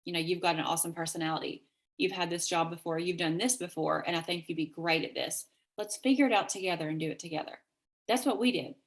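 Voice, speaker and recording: Upbeat Kentucky woman pitching on a call. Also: quick pace. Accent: Southern US, Kentucky. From Kentucky, USA. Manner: energetic, chatty, acts out quoted texts with big pitch jumps. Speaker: network marketing presenter. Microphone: video call.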